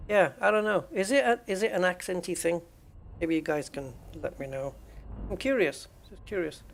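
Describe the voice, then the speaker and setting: An English man with a slightly raised pitch chats casually with his stream audience. He muses aloud, trailing off and restarting his sentences. Faint noise sits behind his voice. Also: creaky. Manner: musing and hesitant, many restarts. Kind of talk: casual livestream chat with viewers.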